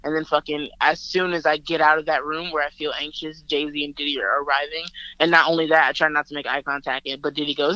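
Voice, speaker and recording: A woman from Alabama, a rapper and guest, telling a story over a phone call in a lively, chatty way, laughing often and using lots of filler words. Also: sits low, fast, hardly any pauses, no room sound.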